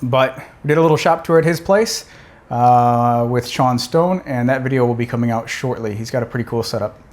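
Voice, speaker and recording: A young man talking casually to camera in a vlog, excited and rambling with many restarts. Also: mid-range voice, a little fast. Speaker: vlogger.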